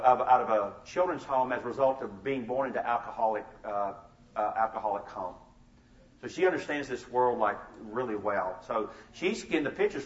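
A middle-aged man speaking at a family seminar, telling stories about his sons and acting out their conversations with laughter. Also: mid-range voice. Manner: animated storyteller, acts out family dialogue with laughs. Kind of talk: storytelling talk to an audience. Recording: roomy, distant, slightly dull sound.

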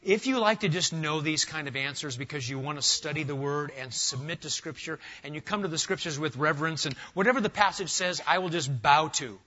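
A man preaching an expository sermon to a congregation, animated and emphatic, firing rhetorical questions and talking straight to his listeners. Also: on the high side, fairly quick, few pauses, dull audio. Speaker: pastor. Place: church sanctuary with a live congregation.

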